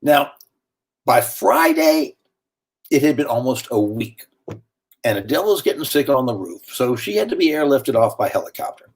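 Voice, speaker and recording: Husky, animated male storyteller. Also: normal speed. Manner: lively, animated delivery with sudden pitch swings. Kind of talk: dramatic first-person storytelling.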